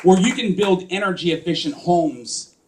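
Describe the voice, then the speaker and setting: A man's voice: sits high, lively intonation, moderate pace, background noise. Fired-up man giving a campaign speech. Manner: impassioned, fires rhetorical questions at the audience. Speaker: political candidate.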